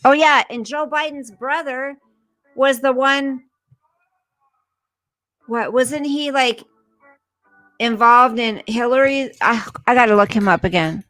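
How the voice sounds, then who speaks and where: A woman's voice: high voice, slow, long pauses, fairly bright tone, no echo, soft background music. A woman hosting a casual livestream, ranting indignantly, swearing, and reading news aloud to her viewers. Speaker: livestream host.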